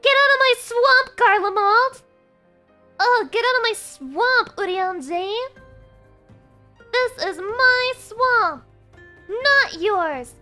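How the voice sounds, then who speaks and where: A woman voicing a grumpy male ogre who shouts and drags out his words while guarding his swamp. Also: very high-pitched, lively intonation, faint music behind, voice pushed up, heavily acted. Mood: indignant. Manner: shouting, drawn-out.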